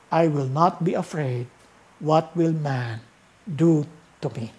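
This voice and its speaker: A preacher with a Filipino accent at the pulpit, moving between Tagalog and English. The voice sits at a middle pitch, rising into loud exclamations and then dropping to a hushed, slow reading of scripture. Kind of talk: sermon mixing Tagalog and English.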